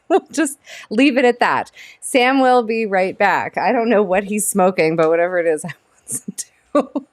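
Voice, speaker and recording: A woman's voice: mid-range voice, moderate pace, dry recording. A woman co-hosting a live hockey stream, reading lineups in casual chat, giggly and stumbling over names.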